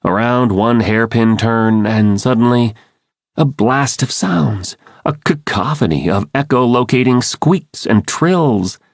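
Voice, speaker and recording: A man's voice: medium pitch, a little slow, no room sound. A man giving urgent, dramatic first-person audiobook narration into a close studio mic.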